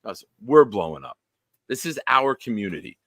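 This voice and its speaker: Male sports-stream host: low, forceful voice, dry close sound, excitable, shouts out viewers. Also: normal speed, no room sound. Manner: excitable, bursts into loud sing-song chants; shout-outs to viewers by name. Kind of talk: live-streamed sports chat.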